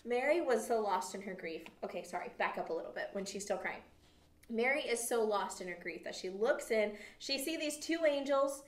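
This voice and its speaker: A woman leads a children's Bible lesson, telling the story with lively, animated expression. Her voice rings in an echoey room, picked up from a distance. Her pitch sits in the middle range. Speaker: children's ministry teacher.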